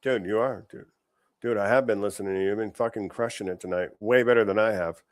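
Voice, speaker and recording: A man's voice: lowish voice, steady tone, fast, dry recording, studio quality. Blunt, profane man ranting. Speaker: podcast host. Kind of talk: profane political commentary.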